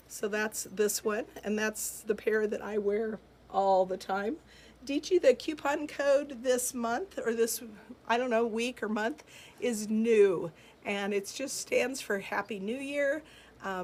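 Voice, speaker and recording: A woman hosting a live jewelry sale from her shop, chatting in an upbeat way and answering viewer comments. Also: fairly high pitch. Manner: chatty and upbeat, with frequent fillers and laughs. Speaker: host of a live jewelry shopping stream.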